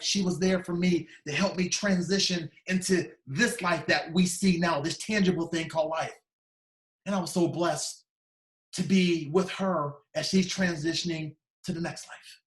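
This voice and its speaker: A man giving an emotional motivational keynote, telling a personal story and quoting others, his voice dropping soft in tender moments. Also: a little high, reverberant. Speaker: keynote speaker. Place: conference video call.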